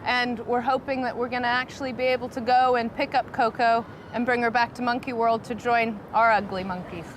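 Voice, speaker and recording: A woman from an animal rescue centre speaks earnestly and with determination, outdoors in a city. Her voice sits a little high, with clear traffic and boat noise around her. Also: steady tone, fairly quick, hardly any pauses, poor audio. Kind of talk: casual talk to camera.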